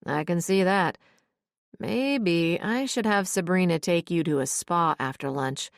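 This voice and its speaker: Woman doing a measured, wry male executive, lower voice, calm pace, dry sound. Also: no echo. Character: calm, reasoning male best friend and executive.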